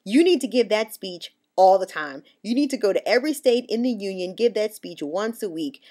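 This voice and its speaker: A woman's voice: mid-range voice, lively intonation, moderate pace, dark tone. An American woman talking straight to the camera, passionate and emphatic, often stumbling and restarting mid-sentence. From United States. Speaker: vlogger. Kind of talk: direct-to-camera political rant.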